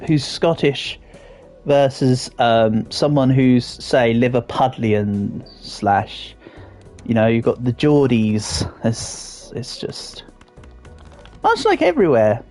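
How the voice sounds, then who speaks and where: A man's voice: mid-range voice, darkish tone. An Englishman with a fairly posh accent, chatting playfully with his chat while streaming a game, with lots of ums and restarts. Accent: English, fairly posh southern English. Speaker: livestreamer reading chat. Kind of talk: casual livestream chat while gaming.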